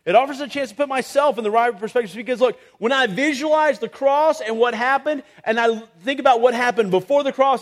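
A man's voice: extremely high pitch, fairly bright tone. A man preaching a sermon as pastor, earnest and rising to impassioned reading of scripture.

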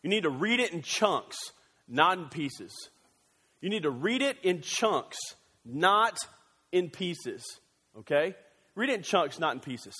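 A male pastor preaching a sermon in a church, animated and joking, with quick excited bursts. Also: a little high, husky, in a large hall.

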